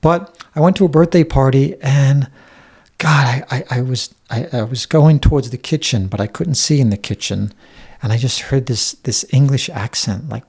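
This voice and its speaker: Gravelly New man, blunt and candid. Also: mid-range voice, normal speed, a little mellow. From Staten Island, New York. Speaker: podcast guest. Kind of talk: casual interview conversation.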